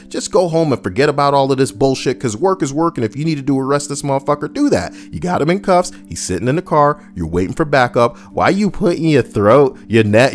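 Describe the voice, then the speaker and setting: Brief: male commentator, mid-pitched, indignant and crude, very lively delivery. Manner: profane, indignant, mocking. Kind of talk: ranting commentary on a video.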